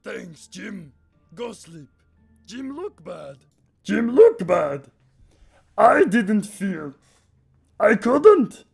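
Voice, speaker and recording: A man voicing a hulking, simple-minded male brute who speaks in broken, slow phrases with a Russian-tinged put-on accent. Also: sits high, very animated, faint music behind, voice pushed up, exaggerated voice. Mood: blunt. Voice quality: gravelly, raspy, broken speech. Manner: slow, loud, shouting. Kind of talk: dramatic story reading.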